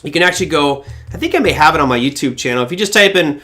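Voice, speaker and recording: A man hosting a live-stream market show, chatting casually with viewers and telling animated stories. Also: fairly high pitch, very fast. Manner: animated storyteller who breaks into impressions. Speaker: trading show host.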